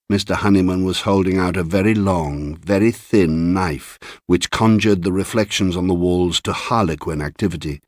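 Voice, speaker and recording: A man narrating a literary short story in a measured, unhurried way. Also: low voice, a little mellow, no echo, clean studio sound. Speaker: audiobook narrator.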